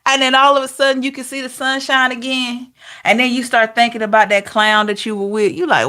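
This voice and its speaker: A woman giving a casual tarot reading to camera, talking in an expressive, chatty way with rhetorical questions. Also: on the high side, fairly quick. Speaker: tarot reader.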